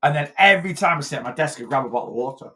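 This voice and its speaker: A man's voice: mid-range voice, expressive, very fast, a bit bright. A man giving casual weight-loss advice in a vlog, blunt and chatty, often tagging his points with "right?".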